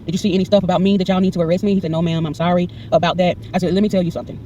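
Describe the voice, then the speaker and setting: A woman's voice: lowish voice, racing, far from the mic, lo-fi sound, slight background noise. A woman in her forties telling a personal story to camera, acting out the dialogue in a heated, indignant way. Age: 40s. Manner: animated, acts out every exchange in quoted dialogue; heated and indignant when retelling. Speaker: vlogger recounting a personal incident.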